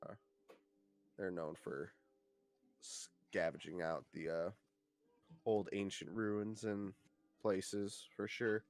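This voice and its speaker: A man narrating as game master, casual and halting with lots of fillers. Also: low-pitched, fairly even intonation, no room sound, soft background music. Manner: casual, many fillers and pauses.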